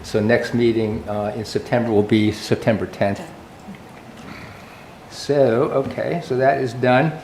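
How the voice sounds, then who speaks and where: A man chairing a town committee meeting, relaxed and halting, with many pauses and fillers. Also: mid-range voice. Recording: echoey meeting room with faint noise.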